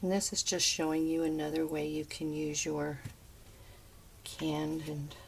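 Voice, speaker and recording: Low-voiced homey woman cooking at home. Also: level tone, measured pace, vocal fry, slight background noise. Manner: chatty and homey, talking viewers through each step. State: talking with her mouth full. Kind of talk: casual cooking demonstration. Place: home kitchen.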